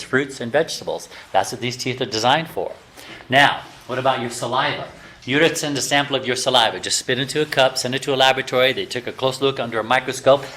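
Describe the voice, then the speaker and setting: A man giving a lively health lecture to a class of students, teasing his listeners and firing rhetorical questions at them. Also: mid-range voice. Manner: animated, teasing, full of rhetorical questions to the audience. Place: talking to a live class of students.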